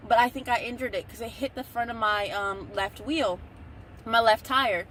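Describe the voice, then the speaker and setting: A woman's voice: fairly high pitch, normal speed, fairly bright tone, a little hiss or hum. A young woman talking casually to viewers in a rambling storytelling vlog, recorded on a phone in a car. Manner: chatty, rambling, talks straight to viewers. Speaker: vlogger. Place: in a parked car.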